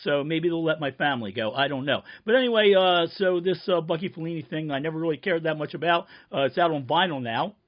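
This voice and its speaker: A man's voice: fairly high pitch, quick pace, hardly any pauses. Sardonic rambling man, dull lo-fi sound. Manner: sardonic, profane, rambling tall tale. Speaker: band member promoting a reissue. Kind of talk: rambling deadpan comic monologue.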